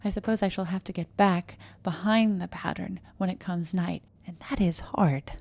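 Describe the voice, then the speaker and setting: A woman reading a classic short story aloud, slipping between hushed whispers and sudden emphatic outbursts. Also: fairly low pitch, steady tone, moderate pace, vocal fry. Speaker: audiobook reader.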